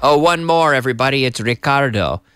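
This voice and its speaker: A medium-pitched man talks fairly quickly over loud background music. He's an English teacher hosting a live-stream lesson from a TV studio, chatting casually and reading out viewer messages.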